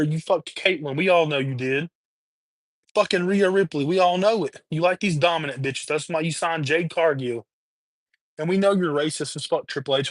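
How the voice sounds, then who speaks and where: A man's voice: a little high, dry recording. Furious, swearing man ranting on stream. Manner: heated, profane, repetitive ranting. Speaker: livestream host. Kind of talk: angry rant on a livestream. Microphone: webcam or streaming mic.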